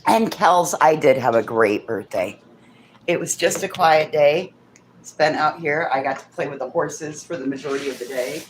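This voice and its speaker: Woman with a really deep low voice, chatty livestream host, swears a lot telling stories. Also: normal speed, slight background noise. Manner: chatty storytelling, swears freely; coos softly over a child's craft. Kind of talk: casual livestream chat.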